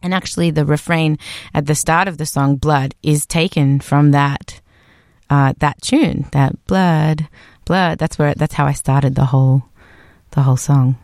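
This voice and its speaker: A woman's voice: low-pitched, flat delivery, moderate pace, a little mellow, no room sound, clean studio sound. A woman musician talking reflectively in an interview, rambling with restarts. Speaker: musician guest. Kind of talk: conversational podcast interview.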